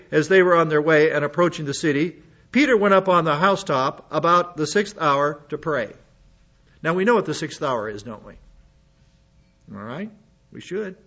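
A man's voice: on the high side, fairly bright tone, dull audio. A man preaching a Bible lesson, reading passages and breaking off into conversational asides to his listeners. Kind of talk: Bible teaching sermon.

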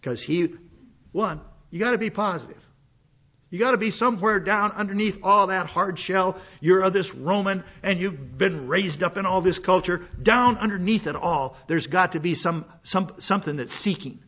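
Older male pastor, rambling folksy sermon, husky slightly high voice, muffled lo-fi recording. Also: moderate pace, a bit bright. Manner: folksy, rambling with frequent fillers and restarts. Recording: dull lo-fi sound.

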